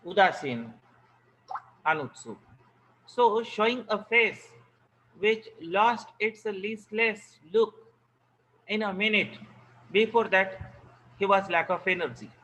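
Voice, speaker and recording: Slow, bright-voiced teacher. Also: male voice, high voice, lively intonation, lo-fi sound, slight background noise. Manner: reads a phrase, then explains words with Hindi glosses; repeats phrases slowly, stressing key words. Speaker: English teacher. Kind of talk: explaining a story line by line.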